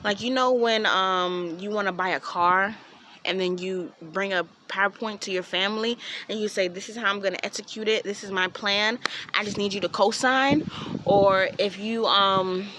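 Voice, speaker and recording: A woman's voice: medium pitch, moderate pace, sharp tone, slight background noise. A young woman vlogger telling a personal story in a chatty way, acting out what people said with lots of "like" and "um.". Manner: chatty, acts out quoted voices, frequent "like" and "um". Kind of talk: casual storytime vlog.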